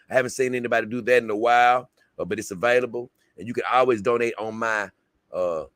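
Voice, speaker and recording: A livestream host signs off casually, rambling loosely and calling his viewers "man" and "baby." His voice is medium-pitched and a bit bright, in clean studio sound with no room sound.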